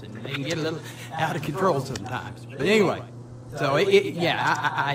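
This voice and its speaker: Rambling, teary-laughing man mentor, a touch high-voiced, recorded far off with crowd chatter. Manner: rambling, stammering, laughing often. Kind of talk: emotional personal conversation. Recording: distant mic with crowd noise.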